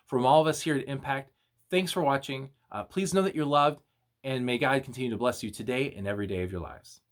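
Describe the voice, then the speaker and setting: A young man, a youth minister, giving a casual video devotional and retelling a story in an animated, slangy way. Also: mid-range voice, a little fast.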